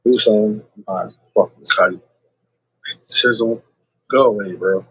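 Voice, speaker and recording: A man's voice: lowish voice, unhurried, fairly bright tone, breathy edge, muffled recording. A man ranting to his livestream chat in a rambling, combative way, swearing constantly.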